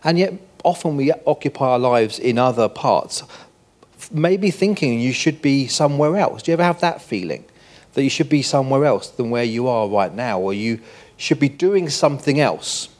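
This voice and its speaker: A man's voice: mid-range voice, animated, normal speed, a little mellow. An older man giving a conversational sermon, full of rhetorical questions to the congregation. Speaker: preacher.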